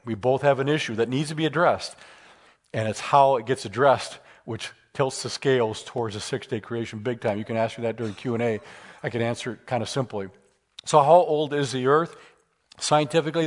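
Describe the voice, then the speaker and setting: A man giving a public lecture with Q and A, conversational and emphatic, moving into stories. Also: medium pitch. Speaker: guest speaker.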